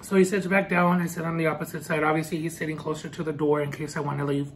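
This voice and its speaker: A man vlogging a personal storytime as he eats, earnest and halting, with many restarts. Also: a little high, little pitch movement, a little hiss or hum. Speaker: food vlogger. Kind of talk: storytime while eating.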